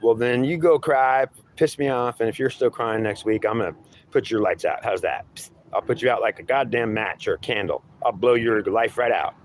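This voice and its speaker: A man's voice: mid-range voice, moderate pace, slight background noise, lightly acted. A man playing a taunting devil god. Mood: threatening. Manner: taunting, threatening, calls listener boy. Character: menacing male devil claiming to be god. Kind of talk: improvised two-voice monologue.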